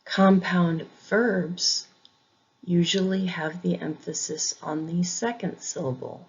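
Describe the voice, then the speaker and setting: A woman teaching English pronunciation in a scripted lesson, saying each example word twice in a deliberate way. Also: fairly low pitch, fairly even intonation, husky, muffled recording.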